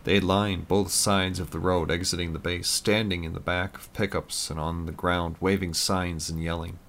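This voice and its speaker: A man with a deep, low voice reads a story aloud in a measured, plain way. A faint hiss sits under the narration. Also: little pitch movement, a bit bright. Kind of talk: audiobook narration.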